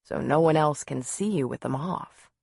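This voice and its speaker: A woman reading a gentle grown man. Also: low-pitched, normal speed, gravelly, slightly rough, no echo, clean studio sound, heavily acted. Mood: tender. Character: tender, composed grown man, a suitor.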